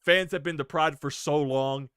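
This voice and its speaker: A young man hosting a sports video, giving an excited fan reaction rant, swearing freely and laughing. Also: a little high, moderate pace, clean tone, dry recording, studio quality.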